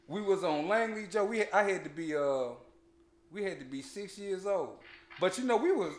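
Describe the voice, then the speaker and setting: Male podcast host, casual storyteller, high voice, echoey room. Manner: animated, laughing storyteller, heavy slang and restarts.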